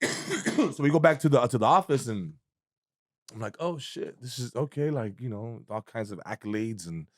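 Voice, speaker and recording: A man, telling an animated story as a guest comedian in a casual chat, swearing freely and acting out voices. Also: medium pitch, moderate pace, no echo, studio quality.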